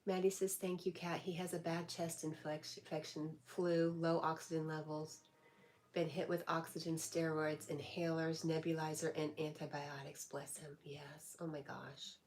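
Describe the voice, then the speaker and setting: Reading out viewer comments and replying chattily, a woman hosts a casual live chat on her livestream. Her voice is low and a little mellow, with little pitch movement, at a moderate pace.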